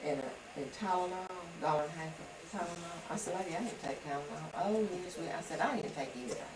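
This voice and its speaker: Low-voiced woman telling a long story. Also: fast talker. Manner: rambling, acts out quoted dialogue. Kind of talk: casual storytelling. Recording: roomy home video from a distance, background noise.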